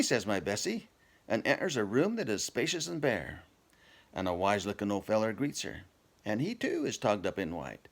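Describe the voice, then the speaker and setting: Gravelly man reciting a comic poem. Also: lowish voice, sing-song, normal speed. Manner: storytelling in broad northern dialect.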